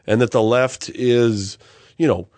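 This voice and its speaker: A man co-hosting a podcast in casual chat, talking in an animated, ranting way and laughing easily. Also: mid-range voice, a little slow, no room sound. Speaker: podcast co-host.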